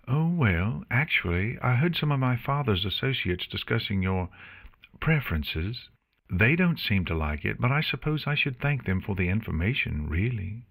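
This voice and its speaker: A man's voice: fairly low pitch, sing-song, moderate pace, slightly rough, pitched above the performer's own voice, full character voice. A man voicing a polite, gracious young pony mare hosting guests in a storybook reading. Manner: polite, warm.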